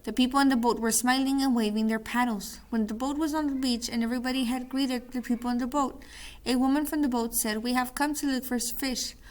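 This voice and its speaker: A woman's voice: fairly high pitch, steady tone, fast, darkish tone. A woman teacher running a call-and-response word drill, then reading a story aloud with small slips and restarts.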